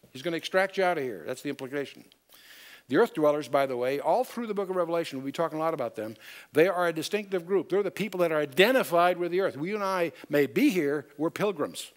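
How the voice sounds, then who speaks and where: A man giving a Bible study lecture, explaining step by step and quoting scripture in old-style wording. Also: fairly high pitch. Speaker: Bible teacher.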